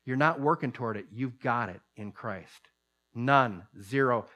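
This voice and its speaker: A man preaching a sermon, who rises to loud, emphatic peaks and then drops to soft, low asides. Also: a little slow.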